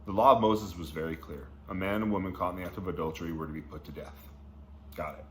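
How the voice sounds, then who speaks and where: A Bible teacher with a fairly low voice runs a casual study, reading verses aloud and then breaking them down in slangy, enthusiastic asides. He talks quickly and sounds fairly bright. The room is echoey, and a faint hum sits beneath the recording.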